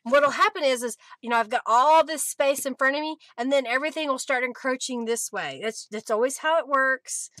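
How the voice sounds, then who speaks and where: Chatting on a casual crafting livestream, a woman laughs frequently and welcomes viewers by name. She speaks briskly with few pauses in a high, slightly bright voice, and there's no room sound.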